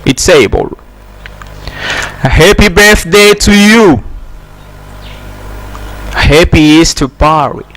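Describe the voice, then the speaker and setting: Male teacher, slightly high voice, slow and deliberate, repeats each phrase. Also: fairly bright tone, poor audio. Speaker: English teacher. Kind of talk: slow spoken English lesson.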